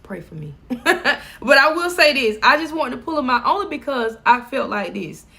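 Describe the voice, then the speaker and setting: A woman's voice: high-pitched, very animated, moderate pace, gravelly, bright, forceful tone. A middle-aged woman vlogging from home, chatting casually and laughing as she talks to her viewers.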